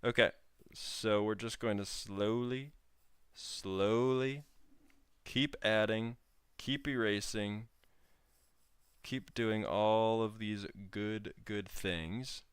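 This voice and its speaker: Young man, low smooth voice, slow relaxed drawing-stream commentary, dry close sound. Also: no room sound. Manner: easygoing, chats with viewers while working. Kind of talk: laid-back livestream drawing commentary.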